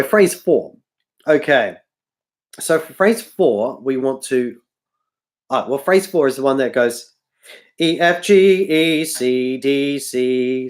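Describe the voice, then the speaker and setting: A man teaching harmonica on a livestream, tired and losing his voice, rambling and correcting himself often, with harmonica playing behind him. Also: mid-range voice. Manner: rambling, self-correcting, apologetic. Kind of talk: livestream music tutorial.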